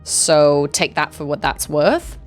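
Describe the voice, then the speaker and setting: Lively chatty woman streamer. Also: sits low, slow pace, soft background music. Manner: chatty, reads chat aloud, excitable yelps during fights. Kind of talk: casual gameplay commentary.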